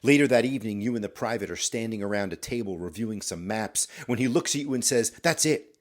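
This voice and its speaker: A man's voice: lowish voice, fast talker. A man hosting a podcast, telling a story in a scripted, dramatic way and talking straight to the listener. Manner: dramatic, addresses the listener directly. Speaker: podcast host.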